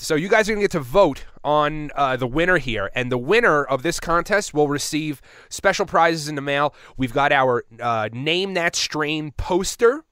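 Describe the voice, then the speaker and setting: A man's voice: fairly high pitch, fairly bright tone, clean tone, no echo, clean studio sound. A man hosting a podcast, reading out listener submissions and riffing on them with rambling jokes. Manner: joking, rambling asides. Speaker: podcast host.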